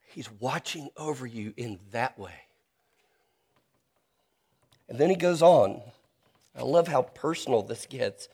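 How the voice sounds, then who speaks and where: A man's voice: mid-range voice, a little mellow. Earnest man preaching a sermon. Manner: earnest, personal preaching with emphatic slowed phrases. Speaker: pastor.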